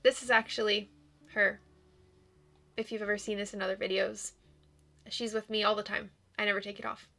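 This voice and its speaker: A woman's voice: medium pitch, level tone, moderate pace, vocal fry, long pauses, sharp tone. A woman hosting a gaming video and giving casual commentary in a candid, emotional way, with hesitations.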